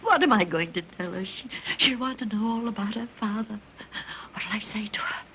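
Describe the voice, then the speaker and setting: A woman's voice: medium pitch, moderate pace, a little hiss or hum, close to an everyday voice. An actress playing an elderly woman street vendor who pleads anxiously in an old film. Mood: distraught. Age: older. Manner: pleading, tearful. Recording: dull muffled 1930s film soundtrack.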